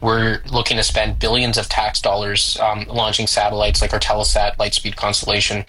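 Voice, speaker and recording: A man, a guest on a radio show, explaining his point in an earnest, steady way. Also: fairly low pitch, moderate pace, breathy edge, rough recording. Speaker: guest, space company leader. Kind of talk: interview answer.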